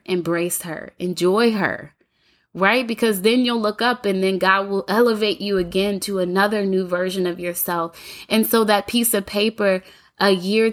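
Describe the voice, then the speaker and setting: A woman hosting her own faith-based podcast from home, speaking in an earnest, encouraging way and repeating phrases for emphasis. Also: mid-range voice. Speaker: podcast host. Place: home apartment, city sirens outside.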